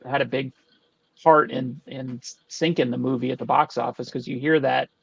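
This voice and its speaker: A man giving a thoughtful, even-toned opinion in casual podcast chat about movies. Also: medium pitch, normal speed, gravelly, slightly rough, no echo, muffled recording. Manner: even, thoughtful, builds an argument.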